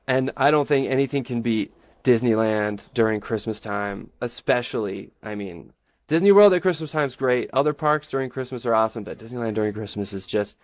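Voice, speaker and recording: A man giving an enthusiastic, playfully boastful pitch in a casual group chat, then taking questions. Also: no echo, highs cut off. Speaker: presenter defending a theme park in a group chat.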